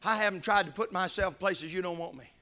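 A man preaching a sermon, swinging between loud shouted emphasis and hushed, low passages. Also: fairly quick.

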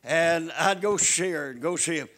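An older man preaching a folksy sermon, dropping to hushed storytelling and rising to loud calls to his listeners. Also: on the high side, moderate pace. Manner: repeats calls to the congregation.

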